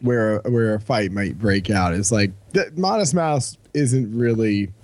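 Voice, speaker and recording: A man's voice: fairly low pitch, lively intonation, unhurried, a little hiss or hum. A man co-hosting a podcast, laid-back and teasing, chiming in with short questions and jokes. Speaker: podcast co-host. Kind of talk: casual chat.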